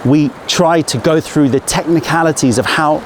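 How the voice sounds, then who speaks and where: A man's voice: on the high side, moderate pace, background noise. Playful man vlogging outdoors on location. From England. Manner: keeps restarting takes to camera, playful and chatty. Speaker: tea company host. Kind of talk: casual behind-the-scenes vlog. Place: outdoors in tea mountains.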